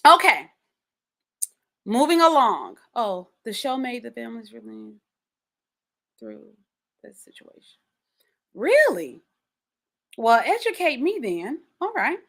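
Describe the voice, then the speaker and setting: A woman hosting a podcast in a casual solo chat, speaking straight to her listeners with lively, animated delivery. Her voice is bright and forward and sits a little high for a woman, and she doubles up her words when she presses a point. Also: takes it slowly, vocal fry, pauses often. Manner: animated and chatty, addresses listeners directly, repeats words when stressing a point. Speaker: podcast host.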